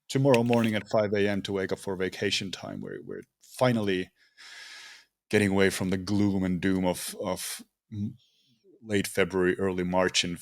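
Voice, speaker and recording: A man in his thirties, a podcast co-host, talking in an easygoing casual chat and explaining things at length. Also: deep voice.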